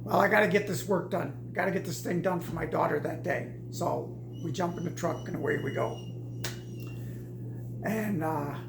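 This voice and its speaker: A woman's voice: lowish voice, vocal fry, a bit bright, reverberant, slight background noise. A woman casually telling a personal story in a rambling way, with many restarts and repeats.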